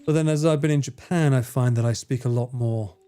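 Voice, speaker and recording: Soft-spoken Essex streamer, faint music. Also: male voice, mid-range voice, brisk. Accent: Essex English. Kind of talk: casual livestream chat.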